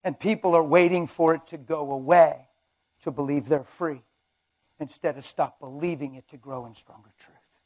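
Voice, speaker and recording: A man with a high voice preaching a sermon. He talks in an emphatic, animated way and acts out little scenes to make his points. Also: normal speed.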